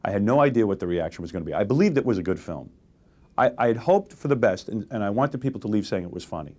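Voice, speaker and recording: A man in his forties sits as a guest in an interview and talks candidly about his work and life. He speaks fast, his pitch swings widely, and he acts out the people he quotes as he tells his stories. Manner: animated storytelling, acts out quotes. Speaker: radio host, interview guest.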